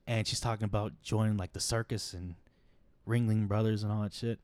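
Podcast host, male, low voice, dry close sound, casual swearing storyteller. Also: steady tone, normal speed, darkish tone, no echo. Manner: rambling, swears freely, acts out quotes.

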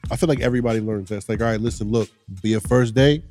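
A man's voice: mid-range voice, racing, warm tone, soft background music. A man co-hosting a podcast in casual chat, laid-back and playful. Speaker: podcast co-host.

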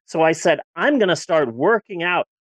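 A woman's voice: lowish voice, expressive, normal speed, dry recording. A woman in her forties chatting candidly on a podcast, rambling a little and restarting her sentences. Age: 40s. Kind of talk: casual podcast chat.

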